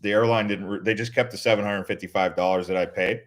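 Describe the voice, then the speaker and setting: A man's voice: lowish voice, fairly even intonation, fast talker. A man from the United States hosting a casual live stream, answering viewer questions and telling rambling travel stories with frequent restarts. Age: adult, Navy veteran.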